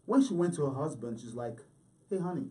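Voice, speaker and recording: A man's voice: medium pitch, fast, far from the mic. Laughing man retelling a story loosely. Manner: animated, acts out voices, laughs often. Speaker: podcast host retelling a Bible story. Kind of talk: casual comedic storytelling.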